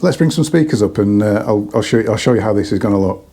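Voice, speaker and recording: A man's voice: fairly low pitch, expressive, fast, warm tone, breathy edge. A man giving a casual, rambling hi-fi product review, slightly out of breath, with many restarts.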